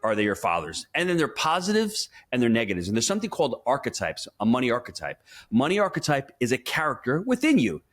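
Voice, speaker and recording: Animated, emphatic male money coach. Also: medium pitch, fast talker. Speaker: money coach and podcast guest. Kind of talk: conversational interview.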